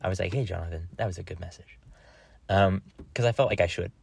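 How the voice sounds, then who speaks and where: A man's voice: low voice, fast talker, creaky, a little mellow, husky. A young man talking casually into a close microphone, rambling with slang and laughing often. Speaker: vlogger. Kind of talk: casual personal chat.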